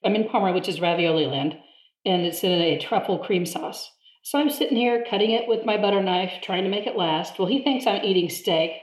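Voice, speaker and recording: A woman telling an animated story in casual conversation, laughing often and acting out the people in it. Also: medium pitch, a little fast. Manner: animated, laughs often, mimics others in quotes. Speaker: guest. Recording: roomy echo.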